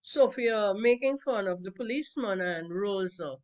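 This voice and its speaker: A woman reading a play aloud to a class in a measured, explanatory way. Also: mid-range voice, animated.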